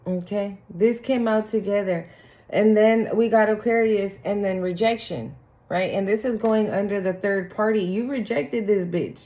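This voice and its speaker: A woman's voice: mid-range voice, moderate pace, warm tone, lo-fi sound. A woman doing a casual spiritual tarot reading, blunt and profane, acting out the people she talks about. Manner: blunt, profane, acts out quoted people in sing-song voices. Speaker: tarot reader.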